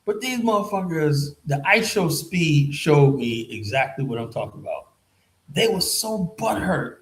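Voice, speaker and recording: A man's voice: fairly high pitch, big pitch swings, a little slow, rough recording. A man hosting his own commentary channel, ranting heatedly and mocking the people he argues against with sarcastic quotes. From United States. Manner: heated, sarcastic, mocks opponents in put-on quotes. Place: in Liberia, West Africa.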